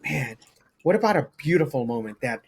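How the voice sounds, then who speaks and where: A man hosting a podcast, asking interview questions in a slow, reflective way. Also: mid-range voice, very animated, slightly rough. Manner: reflective, slow, searching phrasing. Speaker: podcast host.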